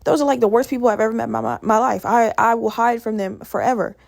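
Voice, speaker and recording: Chatty young woman with a gravelly voice. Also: a little high, fast talker, no echo, studio quality. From Virginia, USA. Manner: rambling, profane and chatty. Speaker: podcast host. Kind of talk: casual solo podcast rambling.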